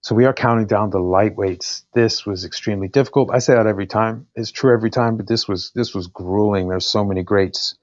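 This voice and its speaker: Low-voiced man hosting a stream. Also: fairly even intonation, brisk, hardly any pauses, no room sound. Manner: apologetic and self-deprecating. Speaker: host. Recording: dry, dull lo-fi stream audio.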